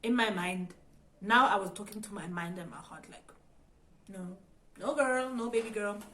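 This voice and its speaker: A young woman with a South African accent tells a personal story straight to her viewers. Her voice sits at an ordinary middle pitch, and she switches quickly between plain telling and acting out what she thought at the time. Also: a little hiss or hum, rough recording. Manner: animated, talks straight to viewers, acts out her own past thoughts. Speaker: YouTuber. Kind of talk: storytime vlog.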